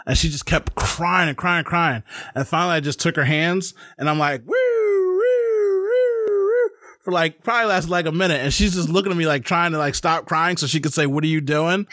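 Animated storytelling man, high-pitched. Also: fast talker, few pauses, no room sound, studio quality. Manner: animated storyteller acting out voices. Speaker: podcast host. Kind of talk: casual interview chat.

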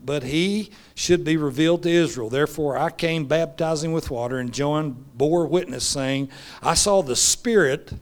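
A man preaching, his voice sitting a little high for a man. He reads scripture aloud and then acts the scene out in casual, animated voices. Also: normal speed. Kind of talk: sermon with scripture reading.

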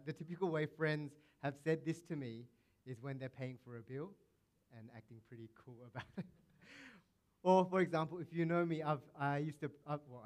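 A male pastor preaching a sermon in a conversational, playful way, acting out quotes now and then. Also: a little high.

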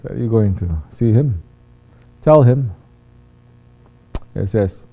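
A man giving a sermon as a religious teacher, acting out quoted voices and swinging between hushed and loud delivery. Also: fairly low pitch, expressive, slow, pauses often.

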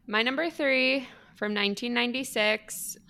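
A woman's voice: a little high, moderate pace, sharp tone. A woman in her thirties co-hosting a podcast, chatting casually and gushing with lots of "like" and giggles. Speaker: podcast co-host. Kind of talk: casual chat.

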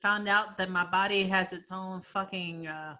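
A woman in her twenties chats casually with a friend, telling a comic story. She sounds animated and laughs often. Her voice is bright and forceful. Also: medium pitch, measured pace. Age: 20s. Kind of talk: casual chat.

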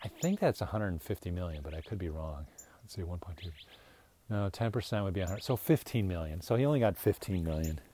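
A man's voice: sits low, lively intonation, quick pace, warm tone, a little hiss or hum. An older man talking through a casual commentary monologue, rambling and chuckling. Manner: rambling, chuckling, slips into mocking voices. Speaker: political commentator.

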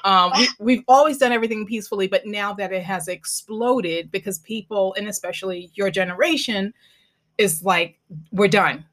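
A woman's voice: mid-range voice, moderate pace, a bit bright. A woman hosting a podcast, chatting casually and telling stories animatedly with many fillers. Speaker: podcast host. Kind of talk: casual interview chat.

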